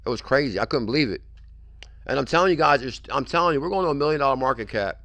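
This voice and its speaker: A fast-talking man of medium pitch, his voice a bit bright and lively in intonation, hosts a crypto livestream with no room sound. He hypes hard and repetitively, pushing his point and leaning on the phrase "I'm telling you."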